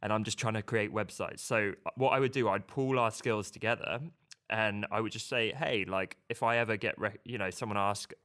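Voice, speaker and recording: A man's voice: lowish voice, steady tone, fairly quick, fairly bright tone. A man co-hosting a design podcast, talking casually with loose, rambling sentences and frequent restarts. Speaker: podcast co-host.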